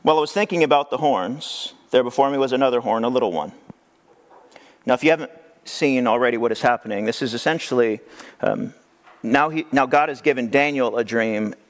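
A male pastor preaching a sermon in a conversational, animated way, with rhetorical questions. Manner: animated, acts out quoted voices with big pitch jumps.

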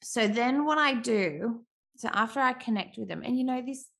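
Earnest mother with a gravelly edge. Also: on the high side, normal speed, fairly bright tone. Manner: earnest, reflective, frequent restarts. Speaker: parenting speaker. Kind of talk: casual talk on parenting.

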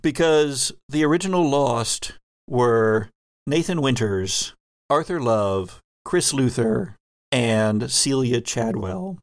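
A man runs a tabletop horror game as its game master. He speaks at an unhurried pace and lingers over each detail as he describes the scene. His narration is measured and descriptive. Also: mid-range voice, animated.

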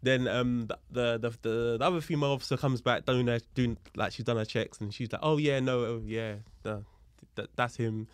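A man, a guest on a podcast, telling a story in a lively, casual way and acting out the other people's voices, with street slang and swearing. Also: medium pitch, brisk, smooth, dry recording. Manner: animated, acts out the voices of people in his story. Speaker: podcast guest, police officer.

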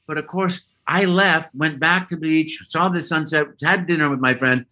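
A man guest telling a lively story in an interview and acting out voices and sounds as he goes. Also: on the high side, moderate pace. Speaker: guest voice actor. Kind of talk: animated storytelling.

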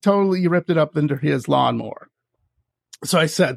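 A man hosting a podcast, telling animated stories, often laughing and acting out the voices of the people in them. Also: fairly high pitch, normal speed, creaky, no room sound. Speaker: podcast host. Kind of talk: casual storytelling chat.

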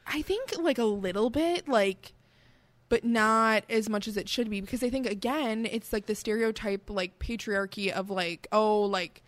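A woman's voice: mid-range voice, normal speed. A woman co-hosting a podcast in casual chat, rambling and filling nearly every phrase with "like". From American Midwest. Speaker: podcast co-host.

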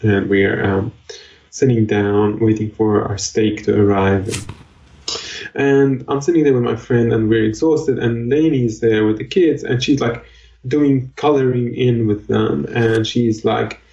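A man's voice: mid-range voice, fairly even intonation, a little slow, darkish tone, highs cut off. Man, roomy distant sound. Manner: rambling storyteller, joking. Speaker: podcast co-host. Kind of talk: casual chat.

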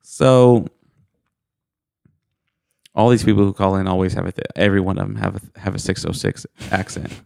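A man's voice: deep voice, steady tone, moderate pace, gravelly, pauses often, darkish tone, dry recording, studio quality. A man co-hosting a podcast, chatting casually and telling goofy, self-mocking stories. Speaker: podcast co-host. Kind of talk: casual chat.

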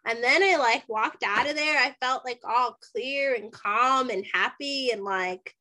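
A woman's voice: a little high, a little slow. Chatty woman telling a story. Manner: animated, acts out dialogue, many "like" fillers. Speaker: podcast guest. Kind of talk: casual storytelling chat.

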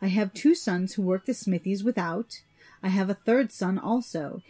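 A woman's voice: normal speed, mellow, lightly acted. A woman reading a storybook, voicing a greedy, cunning old man who is a sorcerer and a father. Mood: hospitable. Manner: shrill, cries out.

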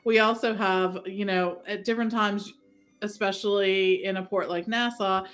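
A woman co-hosting a casual podcast, giving friendly, measured advice. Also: medium pitch, steady tone, soft background music. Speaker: podcast co-host.

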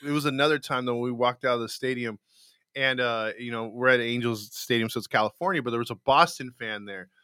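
A man's voice: mid-range voice, fast, pushed and bright, clear, resonant tone, no room sound, clean studio sound. A man co-hosting a live podcast show, chatting casually and telling stories with frequent laughs and repeated words. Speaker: podcast co-host.

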